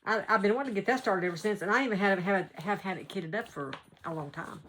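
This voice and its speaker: A woman's voice: medium pitch, fast, fairly bright tone, slight background noise. A woman with a Southern American accent, chatting casually at home as a cross-stitch vlogger, rambling and laughing often. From North Carolina. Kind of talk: casual chat.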